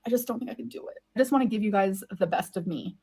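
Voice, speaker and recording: A woman's voice: medium pitch, fast talker, darkish tone, husky. Rambling, self-deprecating woman vlogger. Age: 30s. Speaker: vlogger answering viewer questions. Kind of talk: casual Q&A vlog talk.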